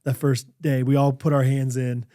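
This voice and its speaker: A man's voice: mid-range voice, normal speed, dry recording, studio quality. A young man co-hosting a podcast, telling a hunting story in casual chat with lots of fillers. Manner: animated storyteller, many fillers. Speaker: podcast co-host. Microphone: studio microphone.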